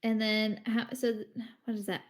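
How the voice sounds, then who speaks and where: A woman with a fairly high voice chatting as a game player. She is playful and drops in giggly asides while she works things out. Her delivery is relaxed and unhurried. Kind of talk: casual chat.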